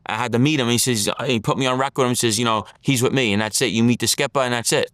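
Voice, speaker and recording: A man's voice: medium pitch, fairly even intonation, fast talker, a bit bright, clear, resonant tone, no echo, clean studio sound. A man, an interview guest telling stories from his past in blunt street talk and acting out the quotes. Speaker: interview guest, former mob associate. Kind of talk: casual storytelling interview.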